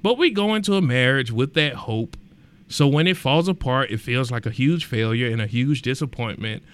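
Man, podcast host, animated rant, loud emphatic bursts, repeats himself. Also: mid-range voice, moderate pace, clean tone. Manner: colloquial, repeats words for emphasis.

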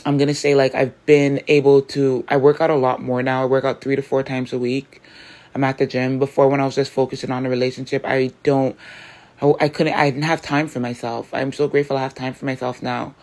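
A woman's voice: a bass voice, level tone, a little fast, darkish tone. Woman, faith podcast host, earnest, rambling, restarts her sentences. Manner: earnest, rambling, self-correcting.

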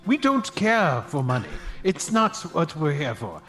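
A man's voice: fairly high pitch, huge pitch swings, measured pace, a bit bright, faint music behind, voice pushed down, exaggerated voice. A man playing a proud male knight who brushes off requests while on a quest. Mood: haughty.

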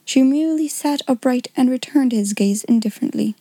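Woman, audiobook narrator; measured reading, slightly high pitch, close dry recording. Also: warm tone, breathy edge, no room sound. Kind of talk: scripted narration.

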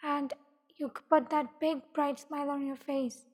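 A woman narrating a second-person fan fiction story in a steady, plain reading voice. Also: high-pitched, unhurried. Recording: long echoing reverb.

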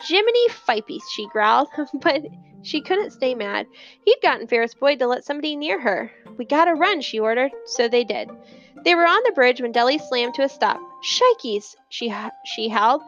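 A woman narrating a children's novel in a lively storytelling manner, putting on voices for the characters. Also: a little high, moderate pace, lo-fi sound, soft background music. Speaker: audiobook narrator.

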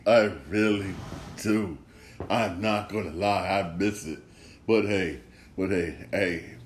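A man's voice: lowish voice, darkish tone. Rambling, cursing man hosting a solo talk show. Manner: rambling, repeats phrases, swears freely. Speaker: podcast host.

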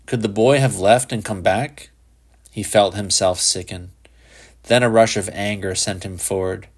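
A man narrating a literary short story in a measured, even way. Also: fairly low pitch. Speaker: audiobook narrator.

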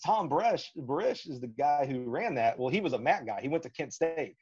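A man from Alabama, a track and field coach, telling animated, folksy stories in a podcast interview and acting out the lines he quotes. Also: fairly high pitch, a little fast, a crowd in the background. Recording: slightly dull lo-fi audio.

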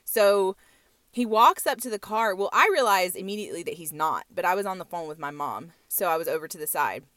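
A young woman from Georgia, co-hosting a podcast and telling a story with animated delivery and frequent laughter. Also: fairly low pitch, fairly quick, no echo. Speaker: podcast co-host. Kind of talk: casual storytelling chat.

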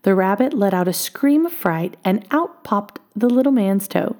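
A woman reading a children's storybook aloud, expressive and often dropping to a hush. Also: medium pitch, moderate pace.

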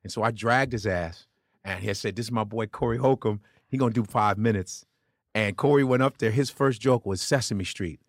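Sounding lowish and talking at a normal pace, a male comedian guests on a podcast with crude, energetic anecdotes, voicing the people in them. The recording is dry and of studio quality.

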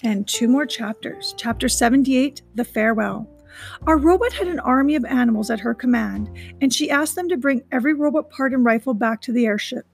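A woman's voice: a little high, brisk, vocal fry, soft background music, rough recording. Woman reading a children's story aloud. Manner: chatty asides to listeners. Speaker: reader of a children's novel.

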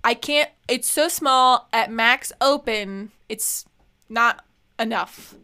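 A young woman co-hosting a podcast, telling a story in casual chat, acting out quotes with lively swearing. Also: on the high side, slow pace, clean tone. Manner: animated storytelling, acts out quotes, swears freely. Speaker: podcast co-host.

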